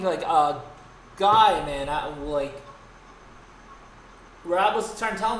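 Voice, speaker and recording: A man's voice: high-pitched, expressive, unhurried, pauses often, fairly bright tone. Man, livestream rant, profane and exasperated, faint background noise, echoey room. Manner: profane, exasperated ranting with frequent restarts. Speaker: streamer and host.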